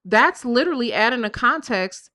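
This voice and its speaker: A woman's voice: fairly high pitch, expressive, normal speed, pushed and bright. A woman streamer giving sassy, mocking commentary while reading out text messages on a live stream. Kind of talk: casual gossip commentary.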